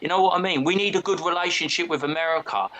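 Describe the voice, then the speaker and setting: Blunt English man ranting, bright tone. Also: a little high, fast, a little hiss or hum, rough recording. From England. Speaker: guest. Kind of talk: casual podcast discussion.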